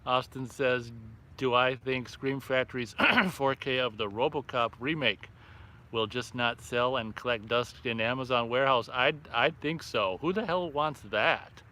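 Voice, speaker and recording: Bright-voiced man reading chat aloud. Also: mid-range voice, measured pace. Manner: reads viewer comments aloud, then reacts offhandedly. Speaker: livestream host reading chat. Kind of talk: casual live-stream chat. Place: outdoors by a fire at night.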